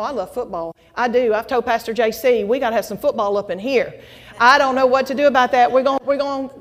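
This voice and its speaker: A middle-aged woman giving a folksy, animated testimony to a church congregation. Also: fairly high pitch. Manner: folksy, animated storytelling, addresses audience as y'all. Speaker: guest speaker at church. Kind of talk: testimony sermon. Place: church sanctuary. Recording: long hall reverb.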